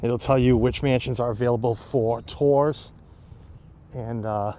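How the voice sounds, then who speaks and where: A man's voice: mid-range voice, steady tone, a little slow, mellow, slight background noise. Chatty man live-streaming a walking tour. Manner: chatty, talks to viewers while walking. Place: outdoors on a quiet street and mansion grounds. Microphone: phone or camera on a tripod.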